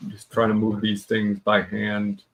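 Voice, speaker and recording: A man narrating a tabletop game as dungeon master, halting and full of pauses. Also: lowish voice, completely flat delivery, a little hiss or hum.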